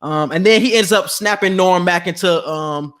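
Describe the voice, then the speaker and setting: A man co-hosting a podcast, talking in a slangy, animated way and acting out quotes in casual chat. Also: high-pitched, moderate pace. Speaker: podcast co-host.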